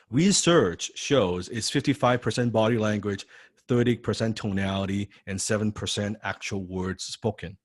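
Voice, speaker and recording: A man's voice: fairly low pitch, no room sound. Male sales trainer, emphatic and repetitive, close dry mic. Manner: emphatic, repeats key phrases, acts out phone calls. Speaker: sales coach. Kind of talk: live sales training class.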